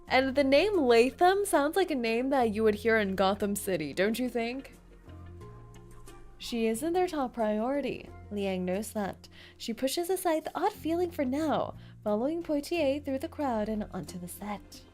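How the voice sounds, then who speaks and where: Excitable high-voiced woman streamer. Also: a little slow, faint music behind. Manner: excitable, reads story text aloud, bursts into loud reactions. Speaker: streamer playing a game. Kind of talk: casual gameplay commentary and reading aloud.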